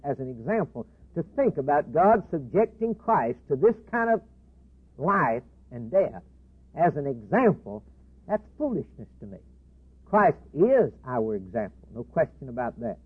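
Impassioned man preaching over tinny audio. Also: on the high side. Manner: impassioned, repetitive, swinging between loud declarations and hushed asides. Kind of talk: sermon. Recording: tinny phone-like band, husky.

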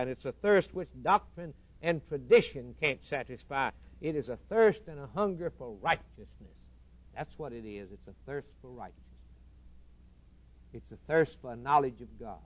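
A man preaching a sermon, building long repeated lists and swinging between loud emphatic lines and quiet, hushed ones. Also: medium pitch. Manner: swells loud for emphasis, then drops to a hushed tone.

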